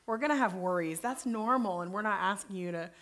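A woman's voice: mid-range voice, fairly quick, a bit bright, a little hiss or hum. A woman who is a pastor, speaking candidly and informally, often saying "like" and "you know". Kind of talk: conversational faith talk.

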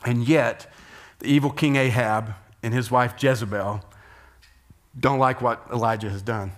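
A pastor delivers a sermon with the energy of a storyteller, pushing his voice up for the dramatic beats and pulling it back down for asides. His pitch sits right in the middle for a man. It is a plain, natural speaking voice. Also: unhurried. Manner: animated storytelling, rising to loud emphasis and dropping to quiet asides.

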